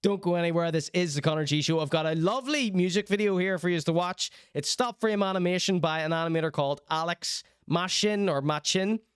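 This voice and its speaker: A man hosts a casual livestream, working himself into theatrical, mock-outraged rants. His voice is smooth and resonant, sitting a little high for a man. It is recorded close and dry. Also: a little fast, hardly any pauses, no echo. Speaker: streaming show host.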